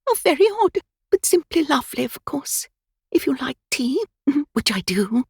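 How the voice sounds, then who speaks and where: Lady putting on a high fluttery old biddy, chatters on and on, swoops all over the place. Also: sing-song, normal speed, vocal fry, a little mellow, no echo, exaggerated voice. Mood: flustered. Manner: twittering, gushing, apologetic. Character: flustered chattering elderly woman.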